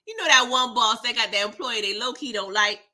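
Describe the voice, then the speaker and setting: A woman's voice: a little high, fairly quick, bright, forceful tone. A woman hosting a casual live recap of a TV episode, talking in a sassy, slangy, exasperated way. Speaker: TV recap host.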